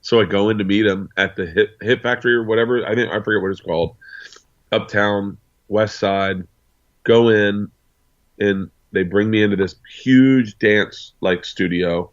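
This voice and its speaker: Low-voiced man telling rambling stories. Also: fairly even intonation, lo-fi sound. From United States. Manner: rambling anecdotal storyteller with quick asides. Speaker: guest. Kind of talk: casual storytelling.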